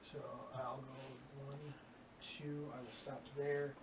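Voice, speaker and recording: A man's voice: mid-range voice, little pitch movement, slow pace. A man playing a board game at a home table, confirming rules for others and counting his moves aloud. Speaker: player. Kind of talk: casual game chat. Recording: distant mic with background noise.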